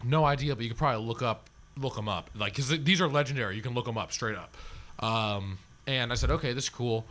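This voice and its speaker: A man's voice: medium pitch, quick pace, fairly bright tone. A man telling a long, rambling story as a podcast guest, swearing freely and packing in fillers. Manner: rambling and profane, heavy on fillers.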